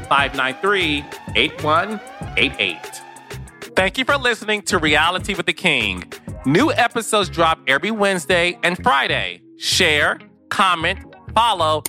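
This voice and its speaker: A man hosting a reality TV podcast, talking in a campy, sassy, animated way. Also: high-pitched. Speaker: podcast host. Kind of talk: casual reality TV podcast chat.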